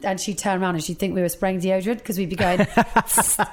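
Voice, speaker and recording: A woman, a guest chatting casually and telling lively stories with quick asides. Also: medium pitch. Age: 30s. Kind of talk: casual chat.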